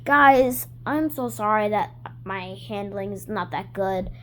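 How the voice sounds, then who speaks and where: A young woman chatting casually over a video she reacts to, rambling, apologetic and cutting in loudly. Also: medium pitch, slow, a little hiss or hum. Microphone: phone held while filming.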